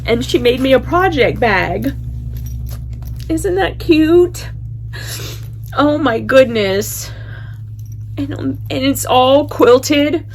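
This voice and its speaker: A woman's voice: sits high, expressive, drawn-out words, pauses often, a little hiss or hum. A woman vlogging casually as she unwraps gifts, gushing and exclaiming often. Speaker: quilting vlogger. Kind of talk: casual vlog, unboxing gifts.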